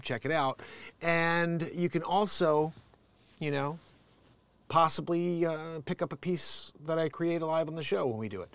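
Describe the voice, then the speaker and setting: Male host, rambling profane comic rant, higher voice, dry room. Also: dry recording. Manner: rambling, profane, laughs often. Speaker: show host. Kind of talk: ranting comedic commentary. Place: home studio.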